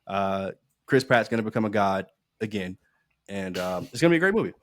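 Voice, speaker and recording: A man co-hosting a podcast in casual chat, animated, swearing freely and laughing often. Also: fairly low pitch, fairly quick. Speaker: podcast co-host.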